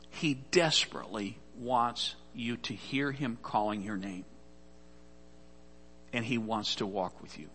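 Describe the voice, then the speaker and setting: A man's voice: medium pitch, bright, forceful tone, husky, long reverb tail. A man preaching a sermon, telling a scripture story earnestly and often repeating words as he goes. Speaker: pastor.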